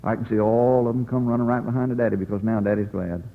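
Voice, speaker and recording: A man's voice: lowish voice, steady tone, fast, vocal fry, big-room sound, phone-quality sound. A man preaching a revival sermon in a folksy, pleading way, telling the story dramatically as an evangelist.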